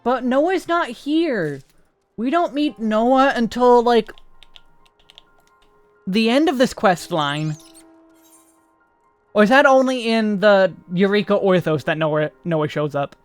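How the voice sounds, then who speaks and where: High-voiced male streamer, playful asides. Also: lively intonation, slow pace, pauses often, clean tone, dry recording. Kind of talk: game stream, reading dialogue aloud with asides. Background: faint game music.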